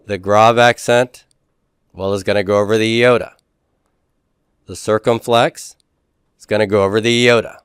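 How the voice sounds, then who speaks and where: A man teaching a classroom lecture in a relaxed way, with frequent fillers and restarts. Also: mid-range voice, clear, resonant tone, no echo, clean studio sound.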